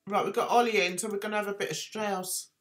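A woman hosts a casual live stream, chatting and rambling in a self-deprecating way and reading the chat aloud to viewers. Her medium-pitched voice is fairly even and fast, with soft music in the background.

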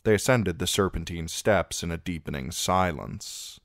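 A man narrating a fantasy novel as an amateur audiobook reader, with steady, even storytelling. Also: low voice, normal speed, hardly any pauses, no echo, clean studio sound.

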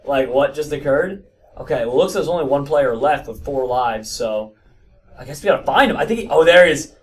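A man giving excited gameplay commentary, stammering and restarting with frequent exclamations. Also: medium pitch, fast, distant mic. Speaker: gaming video host.

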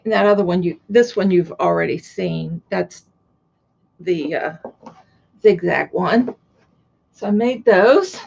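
The audio is dull, and the woman's medium-pitched voice has a darkish tone and some vocal fry. She's an older Floridian crafting vlogger, chatting informally as she enthuses about gifts and shows what she has sewn and crocheted.

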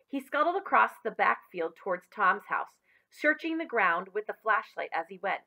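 A woman teacher reading a chapter book aloud to children, expressive and addressing them directly. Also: mid-range voice, normal speed. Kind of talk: children's story read-aloud.

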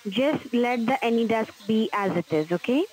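A woman's voice: a little high, animated, moderate pace, darkish tone. A woman making a scam phone call, speaking patiently and in scripted phrases. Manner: patient, scripted, repeats "sir". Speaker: scam caller.

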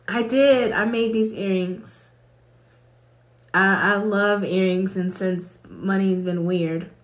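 A woman from Colorado hosting a livestream, praying and chatting off the cuff, laughing often and reading viewer comments aloud. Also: mid-range voice. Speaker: livestream host. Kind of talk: prayer and casual livestream chat. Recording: roomy echo.

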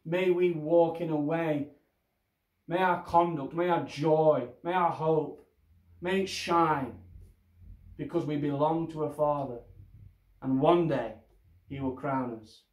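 A man preaching a sermon as pastor, slow and deliberate, pressing his listeners with rhetorical questions. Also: a little high, fairly even intonation, echoey room.

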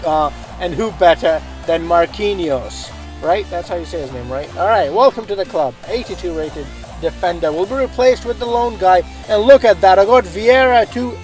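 A man commentating his own football video game, excitable and swearing often, shouting at plays. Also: sits high, low-quality recording. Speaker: gaming channel host.

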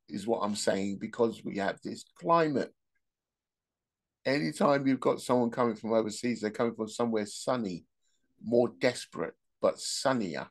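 A man's voice: mid-range voice, normal speed, vocal fry. A man hosting a podcast, telling rambling, joking anecdotes in a casual monologue. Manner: rambling, joking storyteller who laughs at his own anecdotes. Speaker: podcast host.

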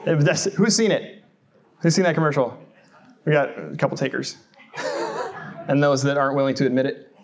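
A man's voice: a little high, normal speed, long pauses. A man from the United States preaching a sermon in a church, conversational and self-deprecating, often putting rhetorical questions to the congregation. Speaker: pastor.

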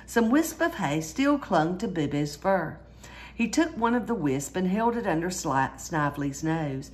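A woman reading a children's storybook aloud in a lively way, jumping higher for the characters' cries. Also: a little slow. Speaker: storyteller reading a picture book.

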